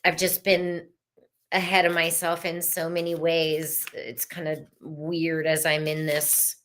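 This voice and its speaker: Woman, middle-aged, tarot reader, live stream, slow unhurried speech, lowish voice, meandering, soothing. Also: monotone, fairly bright tone, slight background noise.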